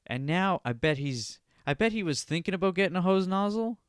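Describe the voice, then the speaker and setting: A man hosts a solo podcast, ranting indignantly, swearing freely and habitually tossing in "all right?" His voice sits high with lively intonation, smooth and fairly quick, in a dry, studio-quality recording.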